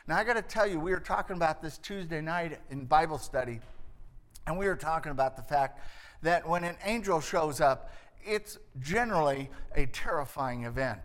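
A man's voice: high voice, a bit bright, long reverb tail. A male pastor preaching a sermon, telling the story dramatically and reading scripture with rising force.

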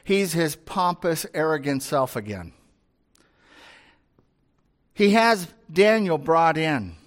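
High-voiced pastor preaching conversationally. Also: male voice, fairly bright tone. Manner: conversational, rhetorical questions. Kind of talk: sermon with scripture reading.

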